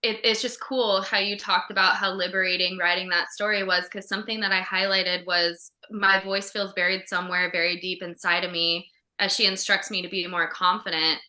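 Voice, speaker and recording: A woman's voice: mid-range voice, flat delivery, moderate pace, pushed and bright, reverberant. A woman co-hosting a podcast, chatting in a heartfelt way with lots of fillers over a video call. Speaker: podcast co-host. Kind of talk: casual podcast chat.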